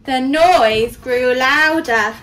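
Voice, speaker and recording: A nursery teacher reading a storybook aloud to young children, expressive and pausing to ask questions. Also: female voice, sits high, recorded from a distance, rough recording.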